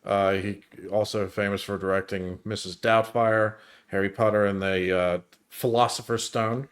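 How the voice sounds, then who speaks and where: A man co-hosting a film review podcast, telling stories in an animated way and cursing often. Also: on the low side, normal speed. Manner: animated storyteller, profane. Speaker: podcast co-host. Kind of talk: casual chat.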